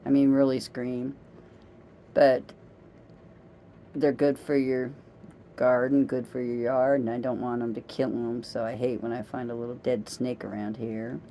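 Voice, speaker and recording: Mellow-voiced chatty middle-aged woman. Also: extremely low pitch, flat delivery, unhurried, long pauses, slight background noise. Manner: chatty, meandering, self-amused storyteller. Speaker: vlogger. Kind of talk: casual rambling monologue.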